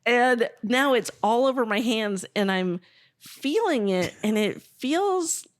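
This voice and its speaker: A woman co-hosting a podcast, telling a story in a casual, animated way and swearing freely. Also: fairly high pitch, slow, no echo, studio quality. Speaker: podcast co-host.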